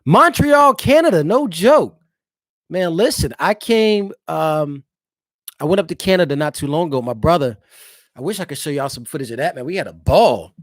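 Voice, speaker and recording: A man's voice: a little high, animated, brisk, darkish tone, no room sound. Chatty man livestreaming from home, dry sound. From eastern United States. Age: adult, married father. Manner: loose and chatty, talks straight to viewers. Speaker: livestream host. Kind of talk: casual live-stream chat.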